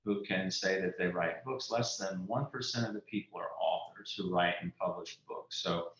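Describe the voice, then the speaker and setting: Interview guest, man, 50s, very deep voice, folksy storyteller, roomy dull remote audio. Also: moderate pace, a bit bright. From South Louisiana, USA. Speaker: author guest. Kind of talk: casual interview conversation. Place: indoors at home.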